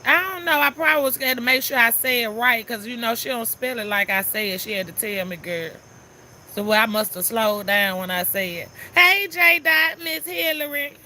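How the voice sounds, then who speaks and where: A woman's voice: on the high side, moderate pace, sharp tone, slight background noise. A woman chatting casually on a live stream, greeting viewers one by one in a sassy, talkative way.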